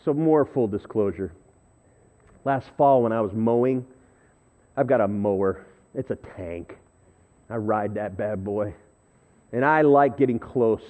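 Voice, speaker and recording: A man preaching a sermon, telling a story in a conversational, self-deprecating way and swinging between loud and hushed. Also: on the low side, a little slow, long pauses. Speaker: pastor. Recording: thin phone-like audio.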